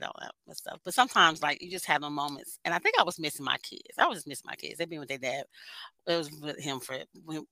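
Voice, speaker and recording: A woman's voice: low-pitched, sharp tone, no room sound, poor audio. A woman guest on a podcast, chatting candidly and swearing casually.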